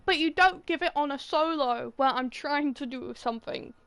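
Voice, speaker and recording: A woman's voice: high-pitched, normal speed, creaky, fairly bright tone, dry recording. A young British woman livestreaming a game, chatting and pleading with the characters in an exasperated way. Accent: British English. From Britain. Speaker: streamer. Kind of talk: gaming commentary.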